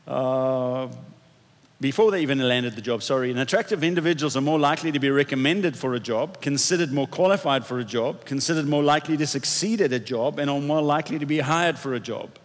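A man's voice: on the high side, long reverb tail. A man preaching a sermon as pastor in a conversational, self-deprecating way, with frequent restarts. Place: church hall.

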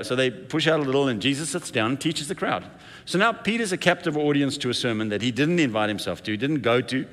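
A man preaching a sermon in a relaxed, conversational storytelling voice. His voice sits at an ordinary male pitch. A long reverb trails behind each phrase, as in a large hall. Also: fast, few pauses.

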